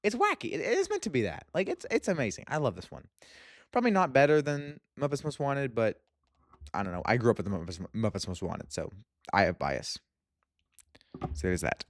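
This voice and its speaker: A young man talks through a casual movie review vlog, gushing and full of fillers. His pitch leaps up and down as he gets worked up. The sound is dry and close, with no room around it. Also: fairly quick, no echo. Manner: excitable, gushing, lots of "like". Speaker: movie vlogger.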